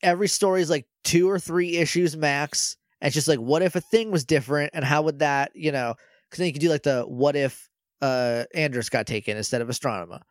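A man co-hosting a casual podcast, retelling an episode in an animated, chatty way full of "like.". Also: a little high, brisk, dry recording, clean studio sound. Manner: animated, chatty, heavy use of "like", acts out quoted lines. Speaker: podcast co-host.

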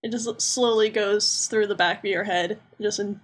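A woman's voice: mid-range voice, fairly even intonation, moderate pace, breathy edge. A young woman co-hosting a podcast in casual chat, chatty and laughing as she recaps things. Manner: chatty, laughing, recaps with silly character voices. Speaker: podcast co-host.

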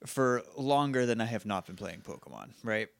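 A man's voice: fairly low pitch, expressive, moderate pace, gravelly, dry recording, studio quality. A young man co-hosting a podcast, chatting casually about a show and laughing often. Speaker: podcast co-host. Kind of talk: casual comedic recap chat.

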